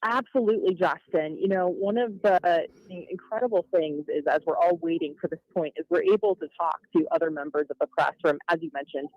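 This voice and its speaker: A woman's voice: fairly low pitch, darkish tone, no echo. Woman reporter over a dull remote feed. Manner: measured, detailed, with some uhs. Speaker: court reporter. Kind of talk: live news report.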